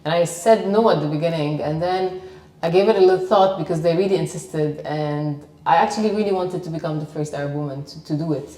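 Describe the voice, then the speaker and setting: A woman's voice: low voice, a little fast, dark tone. A middle-aged woman with a Lebanese accent, a sports presenter confidently telling her life story in an interview. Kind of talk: interview conversation. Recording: echoey room, mic at distance.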